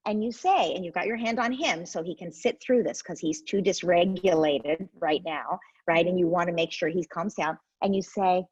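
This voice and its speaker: A woman's voice: lowish voice, normal speed, few pauses, darkish tone, husky, no echo, dull audio. A woman, a parenting expert guest, explains her method in an interview and acts out what parents and children say.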